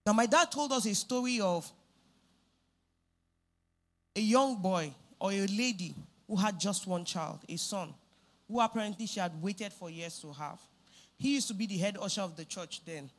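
A woman's voice: mid-range voice, moderate pace, long pauses. Emphatic woman preaching. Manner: emphatic, repeats phrases for stress. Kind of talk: sermon.

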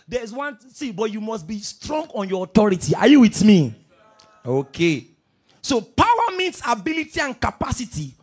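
A male pastor preaching a sermon, telling stories with energy and swinging between soft asides and loud declarations. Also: very high voice, breathy edge.

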